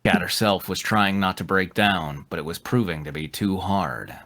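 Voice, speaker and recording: A man narrating a live comedic fanfic reading in a plain, steady manner. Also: low-pitched, normal speed.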